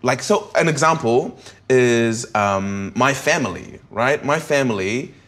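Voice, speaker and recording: A comedian talking candidly in an interview, thinking aloud with frequent restarts and tag questions. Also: male voice, mid-range voice, lively intonation, measured pace, a bit bright. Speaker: comedian guest.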